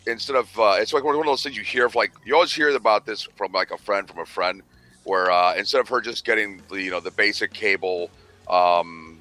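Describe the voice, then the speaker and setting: A man's voice: low-pitched, pushed and bright. A man telling a long rambling, profane story with laughter in a casual podcast chat. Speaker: podcast co-host.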